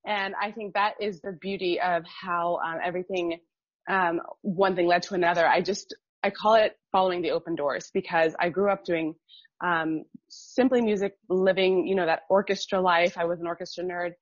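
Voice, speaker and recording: A woman's voice: on the low side, steady tone, moderate pace, dry recording. A woman from Miami, a stage actress, telling her story as a podcast guest in a thoughtful, easy way. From Miami, United States. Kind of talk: casual interview. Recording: dry, slightly dull lo-fi sound.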